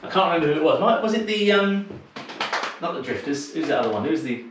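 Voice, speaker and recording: Echoey dance teacher counting steps. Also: male voice, a little high, sing-song, fast, distant mic, noisy background. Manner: chatty, teasing, counts steps aloud. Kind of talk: calling steps in an online dance class. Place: home room on a video call. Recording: very echoey room.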